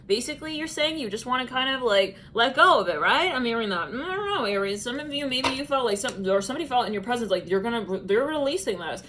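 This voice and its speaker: A woman's voice: on the high side, animated, brisk, sharp tone, slight background noise, low-quality recording. A woman giving a casual tarot reading, chatty and musing, often breaking into laughter. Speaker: tarot reader.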